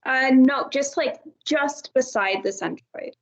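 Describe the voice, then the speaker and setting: A woman's voice: high voice, takes it slowly. A woman student asking a lecturer a question in an online class, tentative and hedging with "like".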